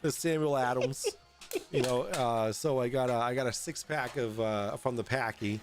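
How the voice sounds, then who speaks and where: A young adult man hosting a casual livestream from home, tipsy, rambling and halting with lots of fillers and swearing. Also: mid-range voice, over loud music. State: tipsy from drinking. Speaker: host. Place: at home in an apartment.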